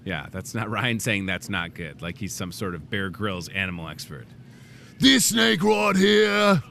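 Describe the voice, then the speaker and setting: A man's voice: low-pitched, normal speed, a little hiss or hum. A man in his thirties hosting a live in-store talk show, joking and rambling through asides. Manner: animated, jokey, rambling asides. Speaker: host. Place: grocery store set.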